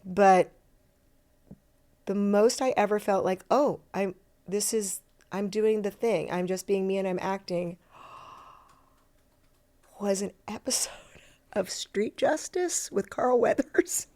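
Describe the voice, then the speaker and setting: A middle-aged actress chatting as a podcast guest, self-deprecating and lively, slipping into voices as she tells stories. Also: medium pitch, takes it slowly, long pauses. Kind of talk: casual interview chat.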